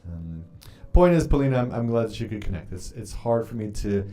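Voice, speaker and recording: A man's voice: on the low side, expressive, brisk, mellow, faint music behind. A man hosting a casual livestream, chatting in a rambling way, greeting viewers and reading their comments aloud. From Canada. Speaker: livestream host.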